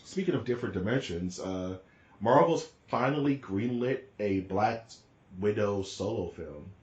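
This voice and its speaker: A man co-hosting a podcast in casual chat, talking in an excitable, rambling, slangy way. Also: on the low side, unhurried, reverberant, highs cut off. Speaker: podcast co-host.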